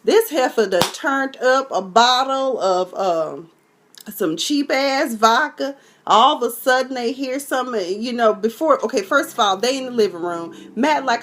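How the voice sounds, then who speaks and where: A woman's voice: sits high, a bit bright. A woman with a Texan accent, recapping a TV episode in a sassy, exclamatory way, acting out the characters as she goes. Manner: sassy, exclamatory, acts out scenes with many voices. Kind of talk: animated casual recap.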